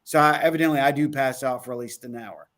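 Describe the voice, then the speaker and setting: A man's voice: mid-range voice, quick pace, a bit bright. A man co-hosting an online talk show, telling a trip story in casual chat, acting out quotes and laughing often. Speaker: podcast co-host.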